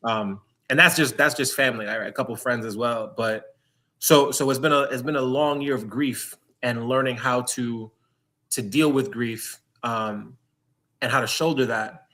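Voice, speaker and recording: A man from New York City talks in a candid interview, earnest and reflective, stopping and restarting his thoughts. His voice is bright and forward, at an ordinary pitch for a man. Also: moderate pace. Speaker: guest.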